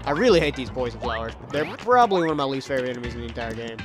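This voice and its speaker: A man's voice: medium pitch, animated, very fast. A young man from Mississippi with a Southern US accent, casually commenting on a video game in a rambling, self-deprecating way. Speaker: let's play host. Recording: game music under the voice.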